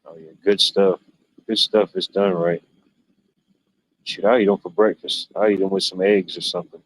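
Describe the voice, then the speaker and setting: This livestream host has a deep male voice, speaks at a moderate pace, and keeps a steady tone. His casual chat wanders through laid-back stories full of fillers, all captured in dull, lo-fi stream audio.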